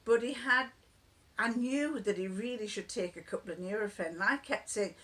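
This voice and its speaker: A woman's voice: mid-range voice, moderate pace, fairly bright tone. A woman chatting casually to camera, rambling and digressive as she tells homely stories. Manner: rambling, digressive, laughs often. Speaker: vlogger.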